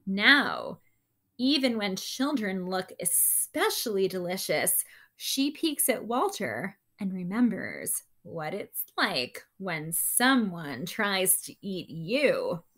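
A woman reads a picture book aloud to children in a bright, animated voice, breaking off for chatty asides to her young listeners. Her pitch is fairly high and she takes her time. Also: slow. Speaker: story time reader.

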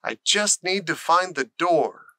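A man's voice: a little high, animated, unhurried, pushed and bright, dry recording, pitched above the performer's own voice, heavily acted. Man voicing a hopeful young storybook girl. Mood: eager. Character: young girl, eager and determined.

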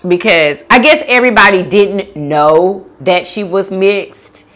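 Animated young woman reading viewer comments. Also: medium pitch, a little slow. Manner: animated, laughs often, drawls slang. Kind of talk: casual chat reading out comments.

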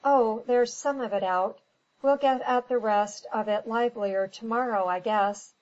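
A woman reading a storybook, voicing an unhurried ship's cook who speaks deliberately. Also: fairly high pitch, a little mellow, highs cut off, lightly acted. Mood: unbothered. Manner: deliberate, drawling.

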